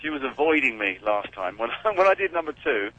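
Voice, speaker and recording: A man's voice: medium pitch, sing-song, brisk, fairly bright tone, highs cut off. An English man calling in by phone to a radio show, joking and making fun of himself. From England. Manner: wry, self-mocking, joking. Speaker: celebrity caller. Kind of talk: casual phone-in chat. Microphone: phone while driving.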